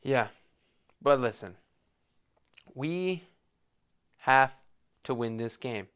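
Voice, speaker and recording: A man's voice: mid-range voice, animated, a bit bright, smooth. A young man hosting a casual solo sports podcast, rambling and joking as he previews a game. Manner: rambling, joking, fast bursts. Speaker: podcast host.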